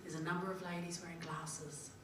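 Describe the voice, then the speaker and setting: A woman's voice: lowish voice, flat delivery, a little fast, noisy background. A middle-aged woman with a New Zealand accent gives a chatty, humorous conference talk, acting out little dialogues. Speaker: conference speaker. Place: conference hall. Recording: very echoey hall from a distance. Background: audience laughing.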